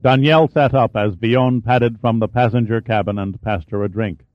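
A man narrating an audiobook in a measured, even reading. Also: mid-range voice, no room sound. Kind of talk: scripted narration. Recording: dull, dry studio audiobook.

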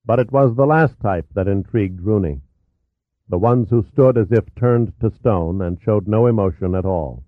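A man reading a novel aloud as an audiobook narrator, in a steady, even way. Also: fairly low pitch, normal speed, dry recording. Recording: tinny narrow-band audio.

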